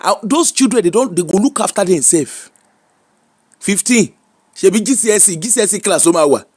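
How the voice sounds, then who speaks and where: A man's voice: high voice, animated, fairly quick, breathy edge. A man with a Yoruba-inflected Nigerian accent, giving preachy, emphatic advice in casual commentary and mixing in Pidgin. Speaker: social media commentator.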